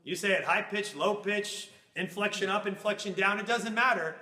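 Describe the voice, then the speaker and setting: A man teaching a Bible class, animated and acting out little scenes in funny voices as he explains. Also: high voice, moderate pace, few pauses, roomy sound.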